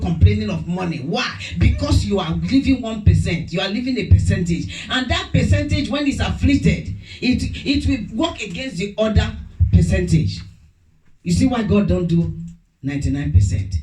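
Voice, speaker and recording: Animated woman pastor preaching in echoey hall. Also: medium pitch. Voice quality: lively preaching, laughs often, lapses into mock tongues. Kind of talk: sermon. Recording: echoey room, voice from a distance.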